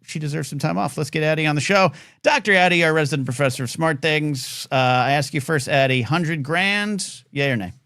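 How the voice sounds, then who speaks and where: Rambling, animated talk show host man. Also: fairly high pitch, brisk, few pauses, no echo, clean studio sound. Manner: rambling, animated, stammering restarts. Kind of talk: casual call-in show chat.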